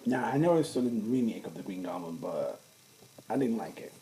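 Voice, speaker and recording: A man's voice: lowish voice, animated, a little fast, dark tone, a little hiss or hum, rough recording. A man talking casually and enthusiastically in a rambling way, often restarting his sentences. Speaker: vlogger. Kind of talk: casual fan movie talk.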